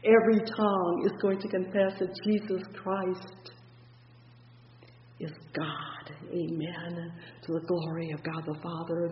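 Fervent preacher going through a psalm, slow and drawn out, dull echoey hall recording with a bit of hiss. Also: medium pitch, fairly even intonation. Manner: fervent, repeats "praise the Lord" between verses; reads scripture in slow, drawn-out phrases. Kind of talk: sermon on a psalm.

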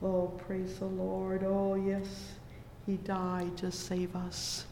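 In a large, echoing hall, a fervent preacher gives a slow, measured sermon at medium pitch in a fairly even, steady tone, with a little hiss or hum audible. Between scripture readings he keeps breaking in with heartfelt cries of "oh, yes" and "praise the Lord."

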